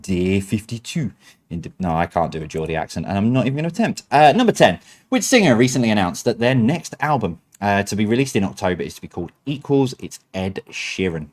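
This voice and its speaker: A man's voice: on the low side, very animated, fast talker. A man hosts a quiz night over a stream. He reads each answer in a chatty, easygoing way. He breaks off now and then with self-mocking remarks. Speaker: quiz host.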